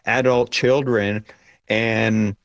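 A man's voice: fairly low pitch, fairly even intonation, very slow, gravelly, no room sound, muffled recording. Earnest middle-aged man, dry sound. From Chicago. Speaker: guest, American-born living in Canada. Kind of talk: casual discussion.

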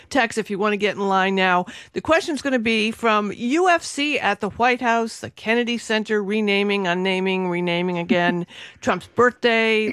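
A woman's voice: mid-range voice, fairly bright tone, no room sound, clean studio sound. Chatty woman co-hosting talk radio. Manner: chatty, laughs easily, restarts phrases. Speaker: radio show co-host. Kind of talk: casual talk radio chat.

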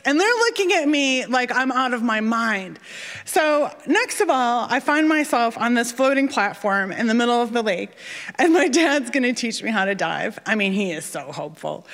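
A woman telling a funny personal story on stage, animated and self-mocking, acting out the voices of the people in it. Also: on the high side, in a large hall.

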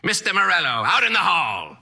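A man's voice: high-pitched, wildly swooping pitch, brisk, bright, forceful tone, pitched above the performer's own voice, full character voice. Man putting on an eccentric old Latin teacher. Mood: gruff. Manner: theatrical, odd accent, barking. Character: eccentric old male Latin teacher, gruff yet kind.

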